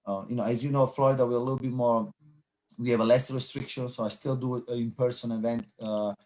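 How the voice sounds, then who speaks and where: A man hosting a wine interview, talking in a halting way with many fillers and restarts. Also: mid-range voice, steady tone, darkish tone. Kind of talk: casual video interview. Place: Florida.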